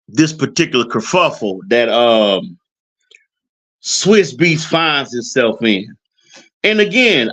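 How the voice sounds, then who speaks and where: A man hosting a live stream, talking casually and haltingly with many fillers. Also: mid-range voice, fairly bright tone.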